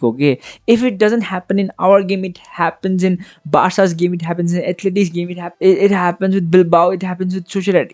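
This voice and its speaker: A man's voice: high voice, a little mellow, no room sound. A man hosting a football reaction vlog, ranting with passion and exasperation, and often checking in with the listener. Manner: passionate, exasperated ranting with frequent tag questions. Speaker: football fan channel host.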